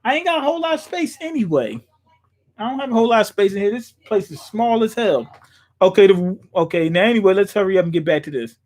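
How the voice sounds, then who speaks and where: A young man with a notably high voice rambles through a casual live stream from a small room at home. His talk is loose and profane, full of ums, restarts and asides. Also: big pitch swings, quick pace, darkish tone. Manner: loose, profane, thinking aloud with fillers. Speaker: streamer reacting to a manga chapter.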